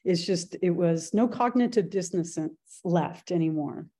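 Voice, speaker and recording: Woman guest on a podcast, warm mellow voice, reflective, sharing her story. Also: fairly low pitch, moderate pace, husky. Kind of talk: casual interview chat.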